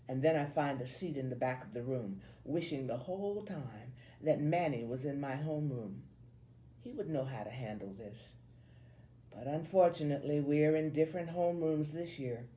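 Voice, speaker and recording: A woman reading a children's novel aloud in an expressive, animated way. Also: sits low. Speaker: story reader.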